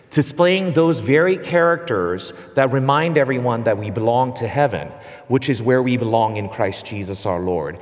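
A man preaching a sermon, earnest and measured and given to brief pauses and restarts. His mid-range voice rings out with a long reverb, as in a large sanctuary. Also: medium pitch. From immigrant who came to the US at nine. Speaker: pastor. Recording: hall reverb.

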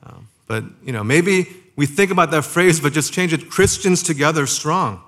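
Fairly high-pitched and a bit bright, a man preaches as a pastor in a conversational style. Rhetorical questions to the audience mix with moments where he slows to stress important phrases.

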